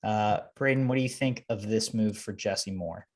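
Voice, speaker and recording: A man's voice: on the low side, moderate pace, a little mellow, soft background music. Upbeat male host steering the talk. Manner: upbeat, joking, moves the show along. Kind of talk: casual panel discussion.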